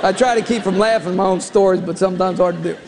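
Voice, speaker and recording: A man preaching a sermon, animated and joking, firing rhetorical questions at his congregation. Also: high-pitched, racing, a crowd in the background, background noise. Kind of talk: sermon with humorous stories. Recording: long hall reverb.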